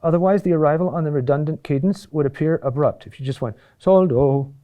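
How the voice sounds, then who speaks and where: A man teaches a chant lesson in a mellow, fairly high voice. He explains in short, halting phrases full of fillers and tossed-off asides, and now and then sings a phrase slowly.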